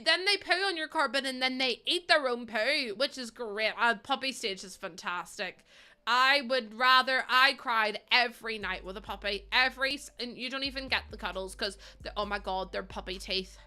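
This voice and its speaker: A woman's voice: on the high side, normal speed, bright, forceful tone, clean tone. A young woman from the UK or Ireland chatting casually with livestream viewers in a rambling, exasperated way, with frequent ums.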